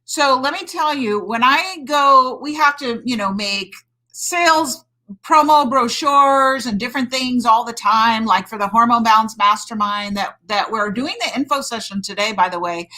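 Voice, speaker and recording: A woman's voice: on the high side, moderate pace, bright, forceful tone, poor audio. A middle-aged woman doctor and hormone coach talking emphatically on a live stream, greeting viewers and saying "friggin'" a lot.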